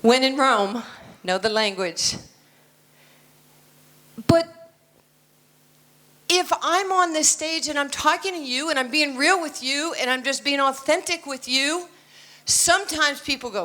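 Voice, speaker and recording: Speaking at a measured pace and pausing often, this woman's voice sits high and has a sharp tone. She's an American in her sixties giving a blunt, confident motivational keynote on an indoor conference stage, with joking asides along the way.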